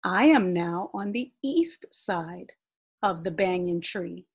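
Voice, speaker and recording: A woman's voice: on the low side, takes it slowly, breathy edge, full character voice. A woman doing a teasing shadow spirit. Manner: teasing, calm. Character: playful teasing shadow spirit, male, deep-voiced.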